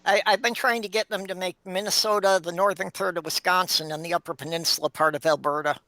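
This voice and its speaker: Bright-voiced joking man. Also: high-pitched, steady tone, fast, dry recording. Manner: joking, matter-of-fact. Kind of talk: casual group chat.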